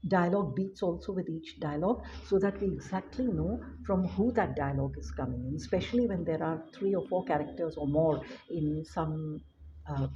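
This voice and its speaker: A woman teaching a writing lesson, unhurried and full of filler words. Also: on the low side. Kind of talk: spoken lesson. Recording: dull lo-fi audio with faint noise.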